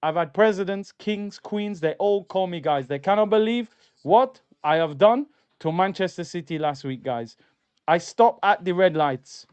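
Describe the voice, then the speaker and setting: A bragging football manager, as a man mimics him boasts in a mock-grand tone, tacking "guys" onto his lines. The voice sits raised and high. The sound is dry and close. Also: measured pace, few pauses, smooth, dry recording, highs cut off. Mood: mock boastful.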